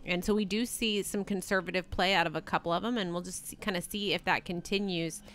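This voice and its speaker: A woman co-hosting a live poker stream, chatty and quick to laugh, reading payouts and thanking viewers. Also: on the low side, fairly even intonation, a bit bright, slight background noise. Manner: chatty, laughs easily, reads out viewer names. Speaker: poker co-commentator.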